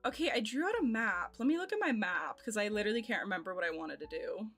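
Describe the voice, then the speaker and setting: A woman's voice: medium pitch, expressive, fast talker. An American woman in her twenties, a streamer chatting casually and giggling as she thinks aloud while playing a game. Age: 20s. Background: soft game music.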